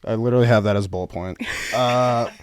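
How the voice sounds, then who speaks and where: A man hosting a podcast, asking quick questions in a laid-back, joking way. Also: fairly low pitch, fairly even intonation, clean tone, dry recording. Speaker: podcast host. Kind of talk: casual chat.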